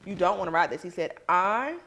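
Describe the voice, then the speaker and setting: A woman's voice: on the low side, animated, brisk, a bit bright. Chatty young woman podcast co-host. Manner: chatty, laughs through stories, swears casually. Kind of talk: casual chat.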